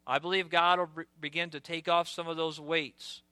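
A man preaching a sermon as pastor, earnest and direct, sometimes dropping to a hushed voice for storytelling asides. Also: on the high side, flat delivery, normal speed, smooth, no room sound.

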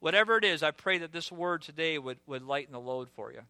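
A man preaching a sermon as pastor, earnest and direct, sometimes dropping to a hushed voice for storytelling asides. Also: fairly high pitch, expressive, fast, clean tone, dry recording.

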